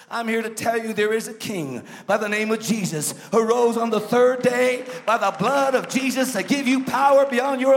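A man preaching a sermon as a guest pastor, swinging from emphatic shouts to low joking asides to the congregation. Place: church sanctuary. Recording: long church reverb.

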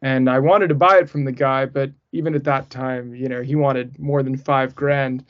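A man's voice: mid-range voice, fairly even intonation, moderate pace. Man, podcast co-host, casual chat, restarts a lot, dull muffled audio. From northeastern US. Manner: rambling, frequent fillers and restarts.

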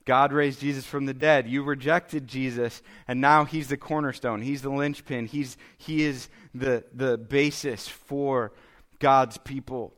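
Pastor, man, 30s; casual conversational sermon delivery, average pitch. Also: fairly even intonation, a little slow, fairly bright tone. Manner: conversational, self-deprecating preaching with frequent "okay?" and "right?".

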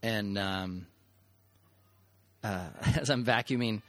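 A man's voice: fairly low pitch, takes it slowly, no echo. A man, a pastor, speaks to his congregation in a conversational, candid way, with a few stumbles. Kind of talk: addressing a congregation.

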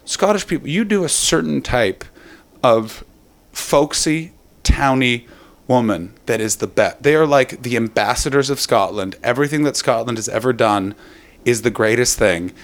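A man doing stand-up comedy, telling rambling stories and breaking into animated quoted voices. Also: mid-range voice, moderate pace. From Canada. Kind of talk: stand-up storytelling.

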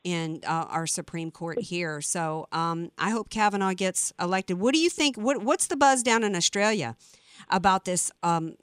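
A woman's voice: on the low side, moderate pace, a bit bright, clean tone, no room sound. Fired-up woman radio host, dry studio sound. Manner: fired-up, emphatic, with many restarts. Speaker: radio talk show host. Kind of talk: opinionated political talk radio.

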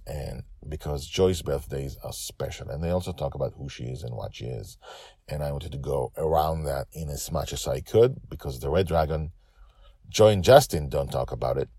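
A man's voice: rumbling low, darkish tone, husky, no room sound, clean studio sound. A man hosting and narrating his own storytelling podcast in a chatty way, repeating words for emphasis. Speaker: podcast host and author.

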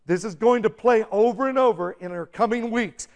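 Gravelly high-voiced man preaching a sermon. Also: moderate pace, few pauses, a little mellow. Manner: emphatic, building to bursts of intensity. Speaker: pastor.

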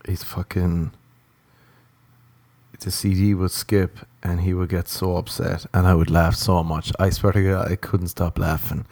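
A man's voice: sits low, level tone, unhurried, gravelly, a little mellow, no echo. A man, a comedian telling a rambling, profane anecdote in casual chat and laughing through it.

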